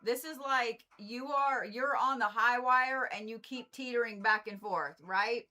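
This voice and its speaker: Bright-voiced blunt woman card reader. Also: a little high, a little slow. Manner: blunt, swears freely, repeats herself for emphasis; animated, exasperated asides. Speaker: Reiki and zodiac card reader. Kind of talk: casual livestream card reading.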